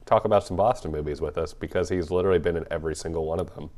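A man's voice: sits low, racing, darkish tone. A young man co-hosting a casual movie podcast, laid-back and joking, laughing often as he chats. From Atlanta area. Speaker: podcast co-host.

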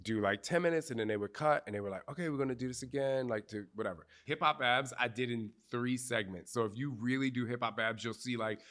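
A man answering questions in front of a group, telling candid stories in animated, slangy speech with cursing and acted-out quotes. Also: medium pitch, fast talker, few pauses. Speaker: fitness trainer interviewee. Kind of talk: candid storytelling Q&A before a live group. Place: outdoor retreat gathering.

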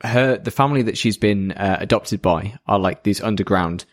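A man with a low voice joins in on a relaxed podcast. He jumps in readily, backing up his co-host and adding details of his own. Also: normal speed, no room sound, clean studio sound. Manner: eager, chiming in with agreement and plot details. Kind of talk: casual chat recapping an anime.

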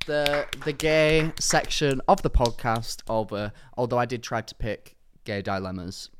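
A man's voice: medium pitch, fairly even intonation, unhurried, background noise. A man co-hosting a podcast, chatting in a camp, playful, jokey way. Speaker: podcast co-host. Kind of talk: casual chat.

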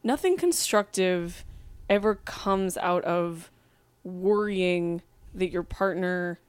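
Earnest woman podcast host, fairly low voice. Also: takes it slowly, clean tone, no room sound. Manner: earnest advice, many fillers. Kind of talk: casual chat.

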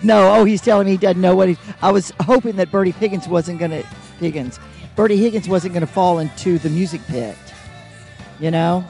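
A man's voice: sits high, brisk, vocal fry, a little mellow, soft background music. Joking man with a handheld mic. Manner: joking, rambling, playful. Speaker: co-host, honorary mayor. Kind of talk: casual on-site chat. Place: old theater at a concert.

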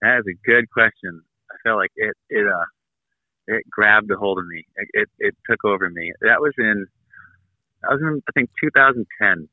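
Speaking at a moderate pace in a fairly low voice without echo, a thirty-something man calls in as a guest. Over the tinny line he casually recounts a lengthy trip, wandering off track, laughing and voicing the people he met.

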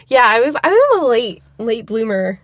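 A woman's voice: fairly high pitch, big pitch swings, normal speed, no echo, clean studio sound. A woman co-hosting a casual podcast from a small closet at home, playful and teasing, laughing often. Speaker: podcast co-host. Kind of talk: casual chat.

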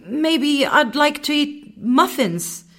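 Woman playing young girl, frightened, curious, high lively voice, storybook. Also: slow pace, heavily acted. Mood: anxious. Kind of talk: children's storybook reading.

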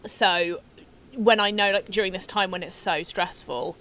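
A woman's voice: mid-range voice, steady tone, unhurried, fairly bright tone. A young woman, chatting casually as a podcast guest, laughing often and swearing offhandedly. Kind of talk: casual chat.

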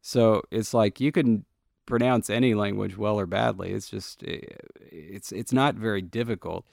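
A man's voice: lowish voice, steady tone, moderate pace, vocal fry, a little mellow, no echo, clean studio sound. A man being interviewed as a guest, casually explaining and coaching someone through pronunciation. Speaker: language creator, guest.

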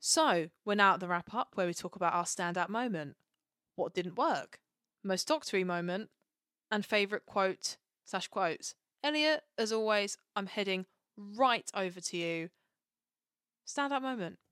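Excitable woman co-host, gushing chat, dry close sound. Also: medium pitch, a little slow, smooth, dry recording. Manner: gushing, excitable, acts out quotes. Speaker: podcast co-host. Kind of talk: casual chat.

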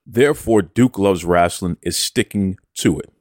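A man's voice: deep voice, measured pace, hardly any pauses, darkish tone, no echo, studio quality. A man hosting a podcast, reading out listener messages with playful mock bravado and talking about himself in the third person. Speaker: podcast host.

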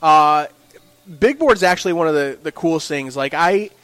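A man's voice: fairly high pitch, normal speed, clean tone, no room sound, poor audio. A man, a sports director telling rambling stories in a casual podcast interview. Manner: rambling, animated storytelling with restarts. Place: restaurant.

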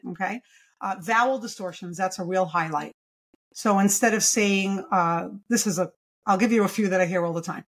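A woman's voice: medium pitch, normal speed. A woman in her forties, a children's speech therapist, explaining speech errors in a podcast interview and saying sample sounds aloud. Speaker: pediatric speech-language pathologist.

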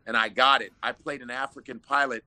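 A man, an actor being interviewed, chatting casually and telling lively stories with laughs. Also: mid-range voice, brisk. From Nigerian parents. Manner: animated storyteller, laughs often. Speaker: actor guest.

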